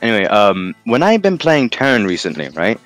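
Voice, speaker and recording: Man, low voice, swooping lively delivery, rambling jokey game caster, faint music behind. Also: a little fast. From London, England. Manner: rambling and jokey, laughs often. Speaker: tournament caster. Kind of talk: casual game commentary.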